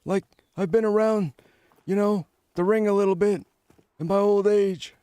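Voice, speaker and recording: A man's voice: high voice, steady tone, normal speed, warm tone, clear, resonant tone, no echo, pitched above the performer's own voice, close to an everyday voice. A man putting on a raised, wheezy old-man voice. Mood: reminiscing. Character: old man, worn and experienced.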